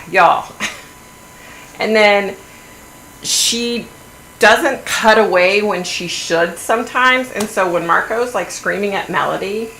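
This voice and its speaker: Blunt, gravelly woman chatting. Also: medium pitch, slow pace, pauses often. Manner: animated, blunt, swears. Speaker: livestream host. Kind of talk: casual gossipy chat. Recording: echoey room, faint hum.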